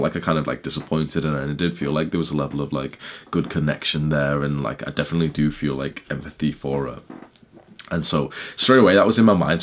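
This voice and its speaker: A young man casually telling a story in his vlog, rambling with lots of "like" and swearing. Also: very deep voice. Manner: rambling, peppered with "like", swearing, laughing. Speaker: YouTuber.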